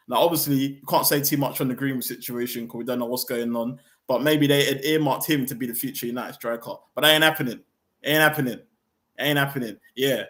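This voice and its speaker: A young man hosting a football fan channel, ranting in a heated, slangy, animated way. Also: a little high.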